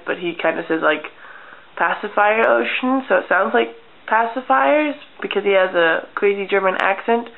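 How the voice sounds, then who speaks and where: A young woman vlogger telling childhood stories in a casual, deadpan way, acting out little scenes. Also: lowish voice. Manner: chatty, deadpan humor, acts out childhood scenes. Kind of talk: casual storytelling vlog. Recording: tinny lo-fi webcam audio.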